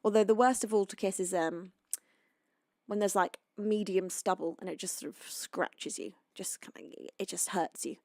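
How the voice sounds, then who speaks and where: A woman's voice: medium pitch, normal speed, no echo, clean studio sound. A young woman from the UK, a singer-songwriter, chatting to her live chat in a rambling, friendly way while feeling tired. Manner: chatty, rambling, greets viewers warmly. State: tired and sleepy.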